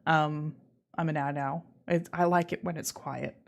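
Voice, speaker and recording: A woman's voice: deep voice, fairly even intonation, a little slow. A young woman with an Australian accent, chatting casually with viewers on a live stream, rambling and restarting her sentences with giggles. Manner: rambling, self-interrupting, giggly.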